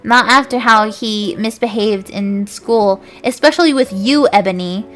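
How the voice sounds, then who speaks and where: A woman's voice: mid-range voice, a little slow, fairly bright tone, soft background music, natural voice. A woman voicing a mean, snobbish old male headmaster who speaks in a haughty, scornful way.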